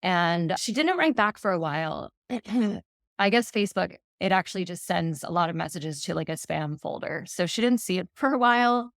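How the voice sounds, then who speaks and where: A woman's voice: fairly low pitch, lively intonation, normal speed, fairly bright tone, dry recording, clean studio sound. A woman in her thirties, a podcast guest, earnestly retelling a personal story and quoting messages aloud.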